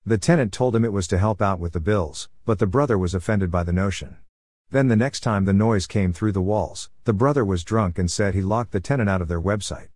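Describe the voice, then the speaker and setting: A man calmly narrating a first-person story from his past, in a matter-of-fact way. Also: on the low side, brisk, no room sound, studio quality.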